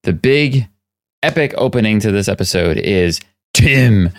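A man hosting a casual podcast chat, playfully recapping scenes and slipping into quick impressions. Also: on the low side, animated, no room sound. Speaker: podcast host.

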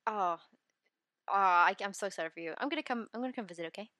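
A woman's voice: mid-range voice, fast talker, crowd noise. A woman hosting a video game podcast, chatting casually and enthusiastically. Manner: bubbly, enthusiastic. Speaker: podcast host. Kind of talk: casual chat.

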